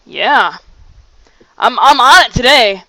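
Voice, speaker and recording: A woman acting as game master on a live stream, chatting casually and halting with frequent fillers and restarts. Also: a little high, lively intonation, pushed and bright, no echo. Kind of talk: casual streamed tabletop chat.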